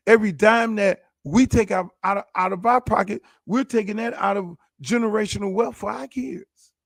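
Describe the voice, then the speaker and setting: A man's voice: high voice, normal speed, creaky, no room sound, studio quality. A man who is a show host and football coach, venting in a heated, profane, repetitive rant. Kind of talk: casual ranting monologue.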